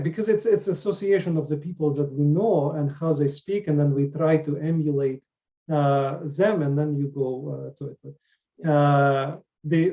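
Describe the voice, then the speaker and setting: A male interview host with a Russian accent who talks haltingly with many fillers. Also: a little high, warm tone. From Ukraine or Poland region. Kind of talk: interview conversation. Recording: dull lo-fi sound.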